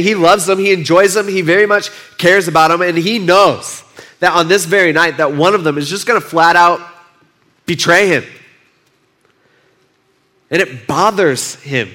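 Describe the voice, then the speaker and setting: A young man delivers a relaxed, conversational sermon. His voice sits a little high and sounds bright and forward. He tells the story loosely, with a lot of verbal filler, and slips into playful voices for the people he quotes. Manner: conversational, animated retelling with acted-out quotes. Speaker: pastor. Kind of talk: casual sermon.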